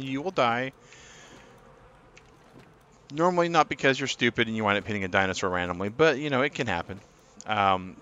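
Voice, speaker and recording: A man's voice: on the low side, bright, forceful tone, smooth. A man giving live gameplay commentary as a streamer, chatting and answering viewers in chat. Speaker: gaming streamer.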